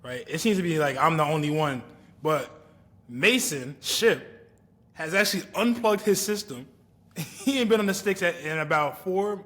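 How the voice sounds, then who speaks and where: A man's voice: fairly high pitch, animated, normal speed, fairly bright tone. A young man co-hosting a podcast, bantering in a playful, teasing way. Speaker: podcast co-host. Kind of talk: casual chat.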